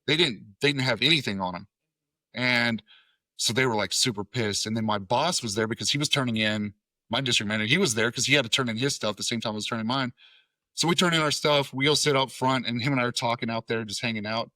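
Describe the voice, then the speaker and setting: A man's voice: medium pitch, fast talker, sharp tone, no echo. A man in his thirties from Tennessee, a podcast guest telling a story in a casual way. He swears freely and acts out what each person said. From Tennessee, USA. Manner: profane, acts out quoted dialogue. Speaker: podcast guest, Air Force veteran.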